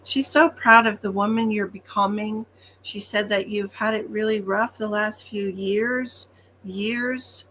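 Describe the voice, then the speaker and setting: A woman's voice: mid-range voice, steady tone, a little slow, fairly bright tone, slight background noise. A woman working as a psychic medium, giving chatty, reassuring readings on a livestream with frequent ums.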